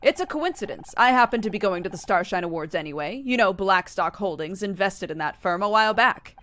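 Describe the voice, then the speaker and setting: A woman's voice: mid-range voice, expressive, brisk, a bit bright, no room sound, natural voice. A woman voicing a remorseful, smug adult male ex-husband in a video game, pleading and apologetic.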